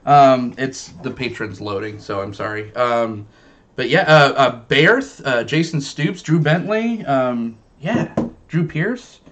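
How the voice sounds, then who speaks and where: A man's voice: medium pitch, lively intonation, slow, a bit bright, slight background noise. Male stream host, loose and jokey, rambles through his questions. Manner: jokey, rambling, many fillers. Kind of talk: casual live stream chat.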